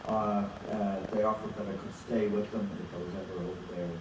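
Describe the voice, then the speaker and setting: A low-pitched man tells rambling stage anecdotes with restarts. His voice booms from far off in a big echoey auditorium. A steady wash of crowd noise sits under it. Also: fairly quick. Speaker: actor on a convention panel. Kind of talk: casual anecdote telling on stage. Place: large convention auditorium.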